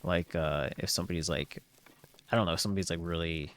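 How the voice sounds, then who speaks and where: A man's voice: low voice, steady tone, quick pace, fairly bright tone. A man chatting on a live gameplay stream, rambling with lots of filler words and frequent laughs. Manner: laughs often.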